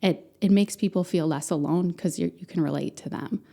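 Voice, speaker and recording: A woman in her thirties talks candidly as a podcast guest, earnest and open. Her voice is a touch low, with a mellow warmth and a gravelly fry at the edges. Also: brisk. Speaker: podcast guest, center founder. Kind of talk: conversational interview.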